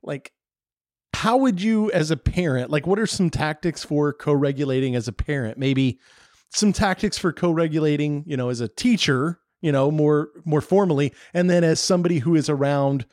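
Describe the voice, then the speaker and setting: A man's voice: on the high side, moderate pace, a little mellow, no room sound, clean studio sound. A man hosting a podcast, casually summing up points and asking questions. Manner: casual, lots of fillers, summarizing and asking questions. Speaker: podcast host. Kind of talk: conversational podcast interview.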